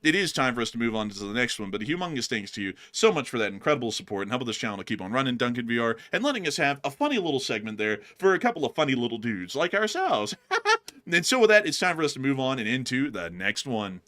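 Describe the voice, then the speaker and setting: A man's voice: medium pitch, very animated, fast, sharp tone. A man co-hosting a casual livestream, jokey and laughing often, thanking viewers. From Utah, United States. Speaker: livestream co-host.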